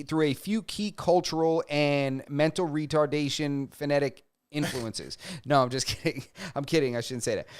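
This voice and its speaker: A young man on a casual podcast, talking in a loose, joking, slang-heavy way. His voice is clear and smooth. It sits a little higher than most men's. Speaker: podcast co-host. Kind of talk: casual chat.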